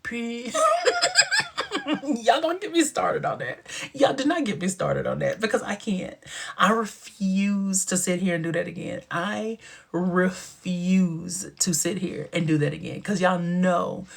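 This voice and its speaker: A man with a husky, slightly breathy voice hosts a casual livestream and chats straight to his viewers. He tells stories with animation, acting out quoted lines and slipping into hushed asides. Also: high-pitched, unhurried. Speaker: livestream host.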